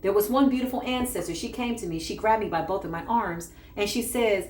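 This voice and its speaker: A woman doing a spiritual reading, telling a personal story in a casual, animated way and often acting out what others said. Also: medium pitch, brisk, hardly any pauses. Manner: animated, acts out quoted voices, laughs often. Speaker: spiritual reader. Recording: echoey room with faint background noise.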